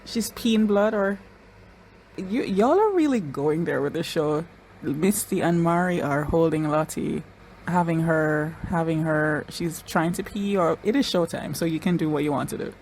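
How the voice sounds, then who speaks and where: A woman giving excitable reaction commentary on an episode, bursting into loud exclamations and then rambling quickly through her analysis. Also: sits low, a little hiss or hum. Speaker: reaction vlogger.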